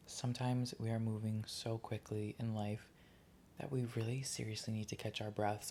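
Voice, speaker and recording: A man's voice: lowish voice, vocal fry, a little mellow. A young man hosting his own podcast from his couch at home, chatting casually and rambling from one topic to the next. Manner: rambling, chatty, easily sidetracked. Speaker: podcast host. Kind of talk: casual solo podcast chat. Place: living room couch at home.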